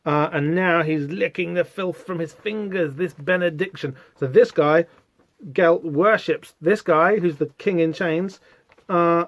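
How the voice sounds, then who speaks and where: A podcast host with a fairly high, slightly bright voice walks casually through a comic book at a measured pace. He is chatty and reads its lines aloud, hesitating with many fillers.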